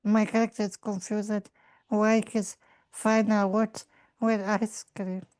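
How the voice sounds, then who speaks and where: Slow, flat-voiced woman player. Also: medium pitch. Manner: halting, simple phrasing. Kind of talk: playing a character in a tabletop game.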